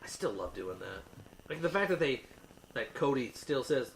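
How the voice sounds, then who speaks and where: A man's voice: medium pitch, sing-song, moderate pace, slight background noise, poor audio. A man co-hosting a podcast in casual chat, rambling with many fillers and restarts. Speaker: podcast co-host.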